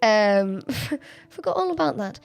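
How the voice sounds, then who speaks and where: Slow and a touch gravelly, this slightly high female voice swings widely in pitch. It's an Australian woman's casual Minecraft livestream from home, full of giggles and thinking aloud, with soft music in the background.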